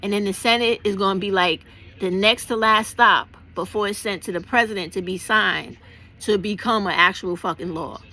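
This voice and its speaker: A vlogger speaks bluntly and passionately to camera in casual political talk, swearing freely as she explains civic action. Her voice is mid-range and sharp-toned, at a moderate pace.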